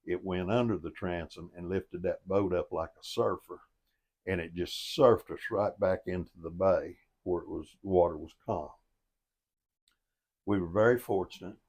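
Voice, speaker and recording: A man's voice: low-pitched, darkish tone, husky. An older man telling a boating story in a folksy, plain-spoken and earnest way, as a motivational storyteller. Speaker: storyteller and life coach.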